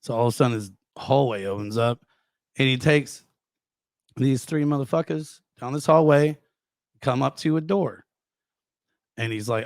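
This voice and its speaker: A man's voice: mid-range voice, normal speed, long pauses, no room sound. A man hosting a podcast, telling jokes in casual chat with heavy swearing and a hyped-up delivery. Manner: profane, hyped-up storytelling. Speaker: podcast host.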